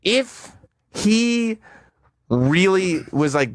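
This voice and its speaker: A giggly man trades jokes on talk radio with a playful, bouncing delivery. His voice is mid-pitched, and the close studio mic gives a dry sound with no room to it. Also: expressive, a little fast, no echo. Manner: giggly, playful, often laughing. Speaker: radio show regular. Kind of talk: casual radio banter.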